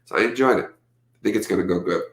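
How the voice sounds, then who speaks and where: A man hosting a casual livestream, rambling and lively when he quotes others, with his allergies acting up. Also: on the low side, fast talker, reverberant. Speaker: livestream host.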